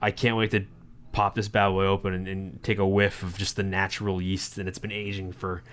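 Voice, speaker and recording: A man's voice: low-pitched, flat delivery, a little fast, fairly bright tone. A man co-hosting a podcast, talking casually and enthusiastically with lots of fillers. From Florida. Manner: rambling, enthusiastic, many fillers. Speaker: podcast co-host. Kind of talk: casual chat.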